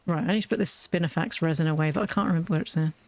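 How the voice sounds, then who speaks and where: A woman's voice: sits low, very fast, a little mellow. A woman streamer chatting casually and rambling while she plays a game, often poking fun at herself and giggling. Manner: rambling, self-mocking, giggly. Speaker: gaming streamer. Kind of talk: casual let's-play chat.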